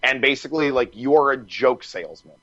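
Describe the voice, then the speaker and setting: Animated, swearing man telling a story. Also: mid-range voice, a little fast, dry recording, dull audio. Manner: animated, swears freely, laughs while telling stories. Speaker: podcast guest. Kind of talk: casual storytelling.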